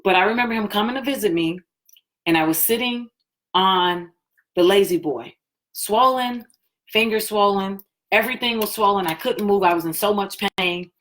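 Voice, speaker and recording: A woman hosting a live stream, telling her personal story in a chatty, animated way and acting out what people said. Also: medium pitch, moderate pace. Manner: chatty, animated, acts out quoted talk.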